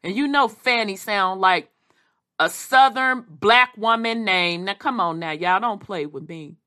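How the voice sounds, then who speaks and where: A woman reading history aloud and adding animated, casual commentary. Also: medium pitch. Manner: animated, quick asides, Southern Black vernacular.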